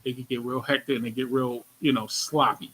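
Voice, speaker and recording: Bright-voiced New York man hosting. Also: medium pitch, a little fast, husky, poor audio. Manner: animated, slangy, repeats his phrases. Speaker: radio show host. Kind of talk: casual interview chat.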